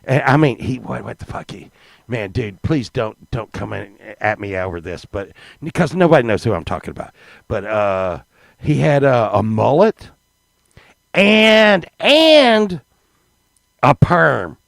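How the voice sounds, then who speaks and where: A man's voice: mid-range voice, very animated, unhurried, creaky, a bit bright, no room sound. A man, telling stories in a rambling, casual way to a live chat, restarting words and swearing freely.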